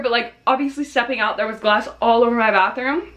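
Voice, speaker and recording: A woman's voice: fairly high pitch, a little fast, fairly bright tone. Chatty, swearing storytime woman. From Australia. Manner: chatty and dramatic, swears freely, laughs while telling. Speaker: vlogger. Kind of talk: casual storytime.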